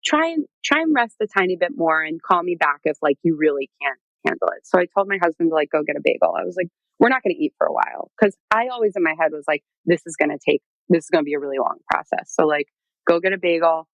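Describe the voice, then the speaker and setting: A woman's voice: low-pitched, fast, no room sound, lo-fi sound. A woman guest telling her own story in a casual, chatty way, full of fillers and acted-out quotes. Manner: chatty, lots of "like" and "um", animated quoting.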